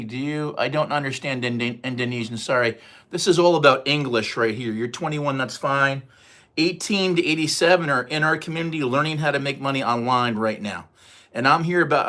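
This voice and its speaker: A man's voice: medium pitch, fairly quick, pushed and bright. A man in his sixties from the United States, hosting a casual livestream, talking to the chat in a rambling, repetitive way that turns heated and emphatic. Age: 60s. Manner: rambling, repeats himself, gets heated and emphatic. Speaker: livestream host.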